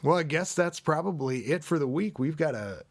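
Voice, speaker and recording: A man's voice: a little high, moderate pace. Easygoing male podcast co-host. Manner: easygoing, laughs often, wraps up the show. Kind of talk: casual chat.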